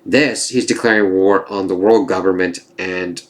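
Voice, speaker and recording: A man's voice: sits low, steady tone, normal speed. A man giving a casual spoken review of an anime season, rambling with fillers and swearing freely as he gets worked up.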